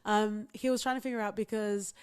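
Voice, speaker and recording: With a mid-range, fairly evenly intoned voice that's clear and resonant, she talks fairly quickly. The non-American podcast co-host keeps the chat casual, full of fillers and giggles.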